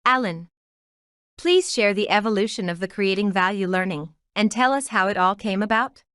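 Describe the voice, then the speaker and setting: A woman's voice: medium pitch, moderate pace, a bit bright, clear, resonant tone, dry recording, studio quality. A woman interviewer reading a formal scripted introduction of her guest.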